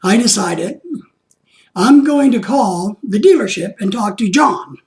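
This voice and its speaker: A man's voice: high-pitched, animated, measured pace. A man hosting a vlog, casually recounting an exasperating week with lots of reenacted phone calls. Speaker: vlog host.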